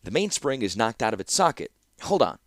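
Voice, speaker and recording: A man voicing a calm young apprentice tinkerer. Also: mid-range voice, a little fast, dry recording, clean studio sound, natural voice. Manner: calm and easy-going. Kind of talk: audiobook character voice.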